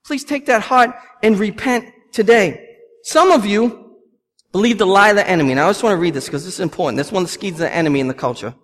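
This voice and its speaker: A man's voice: sits high, fast talker, fairly bright tone. Impassioned male pastor in a reverberant church. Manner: impassioned, repeats lines for emphasis. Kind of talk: sermon. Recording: long hall reverb.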